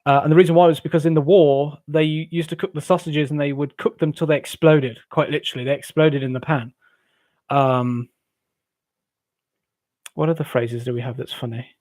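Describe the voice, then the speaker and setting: A jovial English man hosts a casual late-night live stream, chatting loosely with his viewers. His voice sits a little on the high side for a man. The sound is close and dry, with no room around it. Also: fairly even intonation, moderate pace, darkish tone, dry recording. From England. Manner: jovial, rambling, laughs often. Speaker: livestream host. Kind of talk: casual chat with live chat readers.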